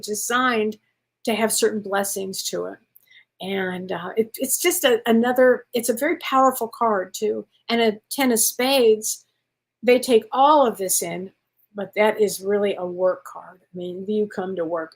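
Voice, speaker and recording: A woman hosting a live-stream show of psychic readings, chatty and rambling, calling viewers honey and sweetheart. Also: mid-range voice. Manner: rambling with frequent restarts and self-corrections. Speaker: psychic medium host.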